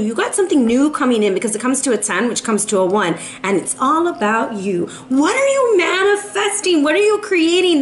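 A woman's voice: on the high side, roomy sound, slight background noise. Upbeat chatty woman reading tarot. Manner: chatty and upbeat, often asks "right?"; encouraging, coaching tone. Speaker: tarot reader. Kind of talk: casual tarot reading to camera.

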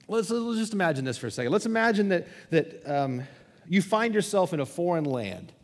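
A male pastor preaches in a casual, storytelling way, stumbling and restarting as he builds his point. His voice sits high for a man. The sound carries a long reverb from a large church sanctuary. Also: very animated, a little fast. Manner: conversational storytelling with repeated restarts. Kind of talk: sermon.

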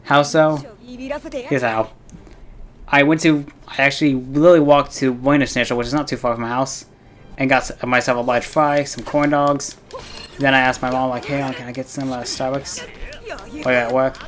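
A man's voice: mid-range voice, normal speed, fairly bright tone. Rambling young man telling a story. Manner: rambling, heavy on fillers and swearing. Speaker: gaming streamer. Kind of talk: casual storytelling while playing a game.

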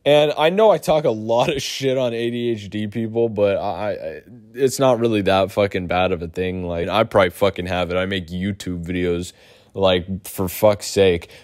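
A young man telling a profane, animated storytime for his YouTube channel. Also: moderate pace. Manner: profane, animated storytelling with big pitch swings. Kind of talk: storytime vlog.

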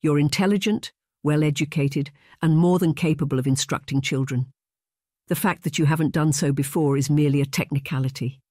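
A lively young woman with a mischievous streak, coaxing and conspiratorial, as a reader puts her on. She talks in a light, encouraging way. The sound is dry and close. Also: mid-range voice, brisk, no room sound, close to an everyday voice.

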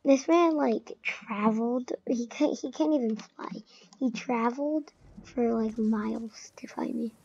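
High-voiced young gamer girl, lo-fi mic. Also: unhurried, warm tone, slightly rough. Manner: chatty, drifts into whispers and sung snippets. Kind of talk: casual gameplay commentary. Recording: dull lo-fi mic with faint noise.

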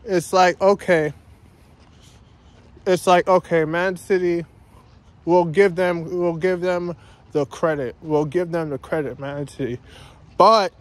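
A vlogger walks around his neighborhood outside, ranting in a casual vlog, repeating himself and constantly calling out "guys." His voice is high and steady in tone, and he speaks slowly with frequent pauses.

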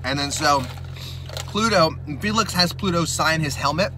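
A man's voice: a little high, normal speed, a little hiss or hum. Rambling man recapping a movie, mouth burning. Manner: rambling, animated, slips into excited impressions. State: mouth burning from spicy chips. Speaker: mukbang host. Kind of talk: casual movie recap while eating.

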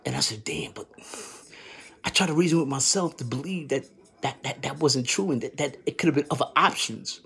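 A man telling a street story in a casual vlog, animated and full of slang, swinging from loud exclaiming to hushed muttering. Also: on the high side, fairly quick, breathy edge.

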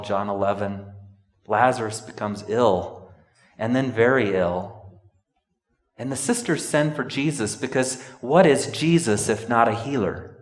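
A man preaching a sermon in a church, telling a story and breaking into sudden emphatic outbursts. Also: lowish voice. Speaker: pastor. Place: church sanctuary. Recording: echoey church hall from a distance.

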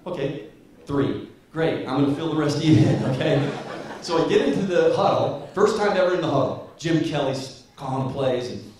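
A man's voice: a little high, normal speed, far from the mic. Man in his fifties telling a story in an echoey hall. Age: 50s. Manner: storytelling, animated, chuckling through anecdotes. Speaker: guest speaker. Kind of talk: motivational speech.

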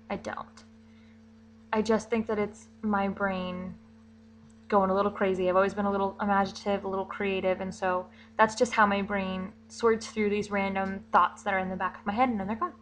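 A woman's voice: mid-range voice, a bit bright, slight background noise, poor audio. A young woman vlogging casually, chatty and rambling, with fillers and little giggles. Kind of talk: casual vlog monologue.

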